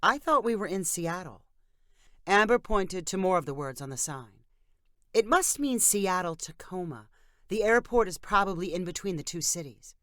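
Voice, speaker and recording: Brief: female storyteller, lowish voice with lively pitch, dry close recording. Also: moderate pace, dry recording. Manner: reads all characters in a lightly varied voice. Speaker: narrator. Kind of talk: scripted story narration.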